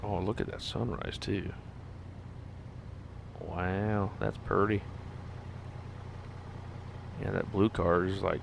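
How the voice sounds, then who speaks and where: Male streamer, deep fry-heavy voice, laid-back self-talk over truck engine noise. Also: flat delivery, slow, long pauses. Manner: laid-back, talks to himself and the traffic. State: sleepy, yawning. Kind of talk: casual gameplay commentary.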